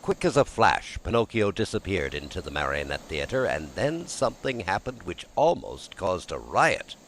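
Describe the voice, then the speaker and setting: A man narrating an audiobook in an expressive, lively storytelling manner. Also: low-pitched, a little hiss or hum, poor audio.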